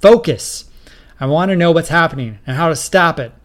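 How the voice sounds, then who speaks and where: A man doing a bossy raging president in a storybook reading, loud, pitched up, barking orders. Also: big pitch swings, moderate pace. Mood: angry. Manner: shouting, ranting. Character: blustering irate male president, bossy.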